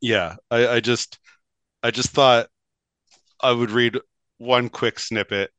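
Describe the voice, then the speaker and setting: A man's voice: mid-range voice, steady tone, slow, fairly bright tone, clean tone, no room sound. A man, co-hosting a casual hockey podcast in a rambling, chatty way, often laughing. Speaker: podcast co-host.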